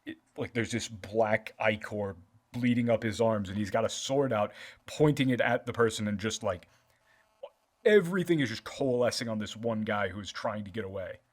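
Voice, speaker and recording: A man's voice: on the low side, moderate pace. Rambling man running a tabletop game. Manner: loose, rambling description with many fillers. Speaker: game master.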